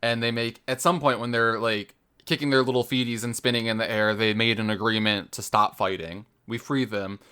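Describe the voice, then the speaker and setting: A man co-hosting a gaming podcast with a smooth, clear, mid-pitched voice. He rambles through his thoughts, leaning on "like" as a filler. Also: steady tone, a little fast, sharp tone. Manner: rambling, heavy use of "like". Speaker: podcast co-host. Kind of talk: casual gaming chat.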